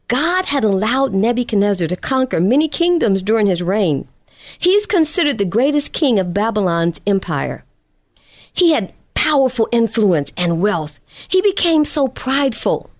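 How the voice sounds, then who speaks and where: A woman preacher telling a prayer testimony in a fervent, rhythmic way, slowing down for emphasis. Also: fairly high pitch, darkish tone. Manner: fervent, rhythmic storytelling with slowed emphatic phrases. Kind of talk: testimony sermon.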